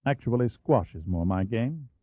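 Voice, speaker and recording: A man's voice: on the low side, expressive, normal speed, dry recording. A man voicing a reserved, formal British naval lieutenant in an audiobook, with polite, clipped phrasing. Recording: dry, phone-like narrow band.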